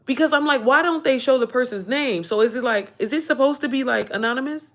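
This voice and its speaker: A woman's voice: high voice, fast, fairly bright tone. Woman, livestream chat, rambling, emotional, swears freely. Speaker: livestream host.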